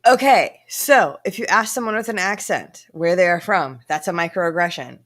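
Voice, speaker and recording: A woman's voice: lowish voice, normal speed, fairly bright tone. A woman co-hosting a podcast in casual chat, blunt and opinionated and swearing freely.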